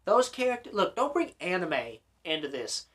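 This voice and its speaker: A man's voice: high voice, very animated, moderate pace, a bit bright. A young man hosting a commentary vlog, ranting in an exasperated, sarcastic way with plenty of swearing. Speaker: host.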